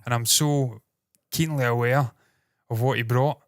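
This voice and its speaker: A man's voice: medium pitch, fairly even intonation, a little slow, dry recording, studio quality. A man in his thirties co-hosting a casual podcast, rambling, laughing and swearing freely. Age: 30s. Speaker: co-host. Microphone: loose desk mic.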